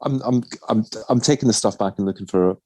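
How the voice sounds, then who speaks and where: A man's voice: on the low side, fast, darkish tone, dry recording. A man co-hosting a podcast in casual chat, chatty and self-mocking, often breaking into giggles. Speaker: podcast co-host.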